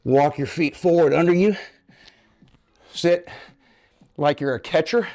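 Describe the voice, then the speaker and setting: This fitness coach, a man in his fifties, runs a home workout from his living room, speaking a little high and a little slow with a darkish tone. He grows breathless while showing the moves, coaching and asking viewers "okay, guys?"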